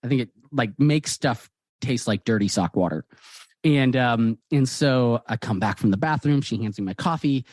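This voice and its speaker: A man, a guest author, telling personal stories in a lively conversational way and acting out the dialogue. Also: medium pitch, moderate pace, no echo, clean studio sound. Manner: animated, acts out quoted dialogue. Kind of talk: conversational storytelling.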